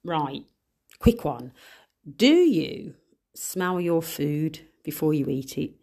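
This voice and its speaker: A young woman chats on her own podcast in a loose, friendly way. She throws in playful asides and laughs often. Her voice sits a little low for a woman. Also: expressive, takes it slowly, a little mellow. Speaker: podcast host. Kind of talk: casual solo podcast chat.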